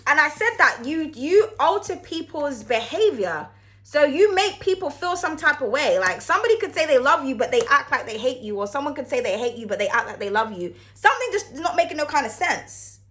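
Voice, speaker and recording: A woman's voice: sits high, big pitch swings, fairly quick, fairly bright tone. A woman giving a casual tarot reading to camera, chatty and frank, cursing freely and calling the viewer darling. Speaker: tarot card reader.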